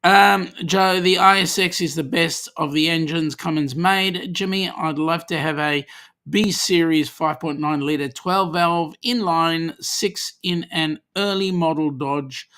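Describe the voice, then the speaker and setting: A man's voice: a little high, slow, bright, forceful tone. An Australian man hosting a casual livestream, reading viewer comments aloud in a chatty, easygoing way with lots of ums. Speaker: livestream host.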